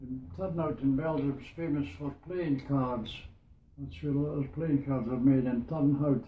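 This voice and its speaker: A man's voice: mid-range voice, fairly even intonation, moderate pace, slight background noise. A Scottish man in his nineties recalling his wartime years in a rambling storytelling manner, often repeating "I says". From Scotland. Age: 90s. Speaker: war veteran interviewee. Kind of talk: oral history reminiscence. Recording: echoey, tinny phone-like sound.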